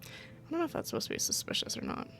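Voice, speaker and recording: A woman's voice: very fast, fairly bright tone, faint music behind. A woman streaming a visual novel, reading it aloud with playful, giggly commentary. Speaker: gaming streamer.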